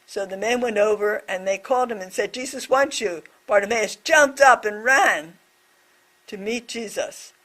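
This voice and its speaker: A woman voicing a deaf presenter's signed reflection on a scripture story, speaking in short, measured phrases. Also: mid-range voice, fairly bright tone.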